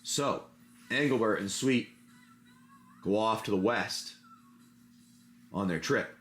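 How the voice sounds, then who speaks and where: On a laid-back trading card livestream, a man chats to viewers as he sorts and opens card packs, his talk rambling and looping back on itself before he drifts into an off-the-cuff adventure story. He speaks slowly in a fairly low, fairly bright voice, talking while handling cards, with soft music playing behind him.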